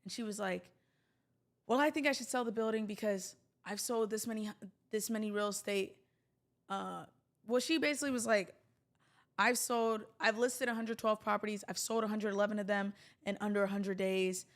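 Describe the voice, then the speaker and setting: A woman's voice: medium pitch, moderate pace. A woman hosting a livestream, talking casually to her viewers in a chatty, rambling way with jokey asides. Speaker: livestream host.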